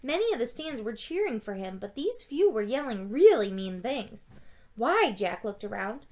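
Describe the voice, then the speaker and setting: A woman with a slightly high voice, reading a children's chapter book aloud for her students. She tells the story in a plain, steady way and now and then goes back to fix a stumbled word. Her voice rises and grows livelier when she reads out the characters' shouts. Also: normal speed.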